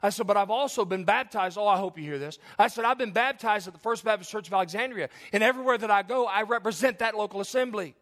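Animated preaching man, high voice. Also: quick pace, hardly any pauses. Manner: animated, swings between loud emphasis and soft asides. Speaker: pastor. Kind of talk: sermon. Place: church.

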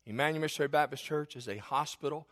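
A pastor in his forties preaches in a high, tenor-ish voice. He is emphatic and folksy, pausing for effect and talking straight to his congregation with homespun asides. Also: fairly bright tone. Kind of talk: sermon.

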